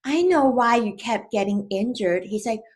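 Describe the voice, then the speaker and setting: A woman in her thirties gently telling a personal story about her young son, in a casual, unhurried way. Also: a little high, animated.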